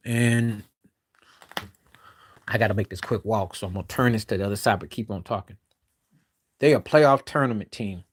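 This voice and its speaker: A man's voice: on the low side, normal speed, pauses often. Blunt skeptical man streaming on a phone. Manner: blunt, skeptical, rhetorical questions, frequent throat clearing. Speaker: live stream host. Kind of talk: casual basketball opinion talk. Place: walking while streaming.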